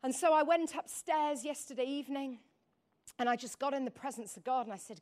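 Her voice sits high and is a little mellow, animated and at a moderate pace. Delivering a sermon, this middle-aged woman rambles emotionally through a personal story and asks the congregation to repeat words.

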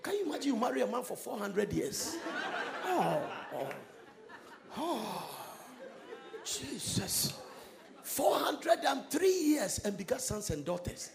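A man preaching a sermon, swinging between quiet asides and loud, sung-out lines. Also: very high-pitched, sing-song, normal speed, vocal fry, few pauses, a crowd in the background. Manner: emphatic preaching with sudden shouted, sung-out phrases and laughter. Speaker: pastor.

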